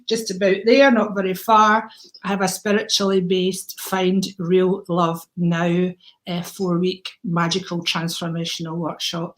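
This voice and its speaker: A woman hosting a casual livestream chat about mediumship, effusive and enthusiastic as she greets viewers by name. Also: mid-range voice. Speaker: host, mediumship teacher.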